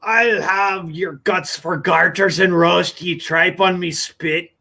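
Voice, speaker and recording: A man's voice: sits high, steady tone, slow, gravelly, bright, forceful tone, full character voice. A man putting on the voice of a boisterous, bloodthirsty pirate captain, growling stock pirate talk. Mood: swaggering.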